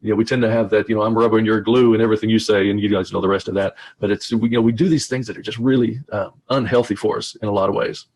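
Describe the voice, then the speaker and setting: A man's voice: lowish voice, fairly even intonation, fast, vocal fry, few pauses, a little mellow. A man giving a conversational webinar presentation over a video call, often repeating and restarting his words. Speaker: speaker.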